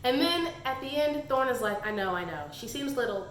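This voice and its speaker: A young woman chatting casually through a book review, animated and quick to act out characters in little asides. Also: high voice, roomy sound, slight background noise.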